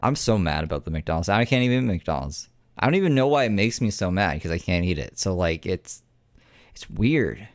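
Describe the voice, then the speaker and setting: Brief: low-voiced male host, crude and blunt, dry close sound. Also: expressive, fairly quick, no room sound. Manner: blunt, profane, exasperated. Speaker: host reacting to clips. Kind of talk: reaction commentary.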